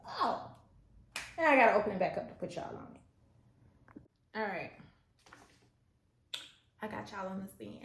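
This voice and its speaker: A woman chatting excitedly to her viewers while setting things up at home, talking herself through each step. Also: medium pitch, measured pace, pauses often. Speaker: small business owner and stay-at-home mom. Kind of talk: casual vlog chat. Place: at home, indoors. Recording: roomy echo, faint background noise.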